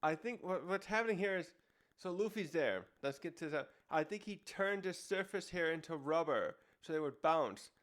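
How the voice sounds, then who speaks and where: A man's voice: fairly high pitch, fairly bright tone. A man casually reviewing a comic chapter, rambling with many restarts and fillers. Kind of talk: casual commentary.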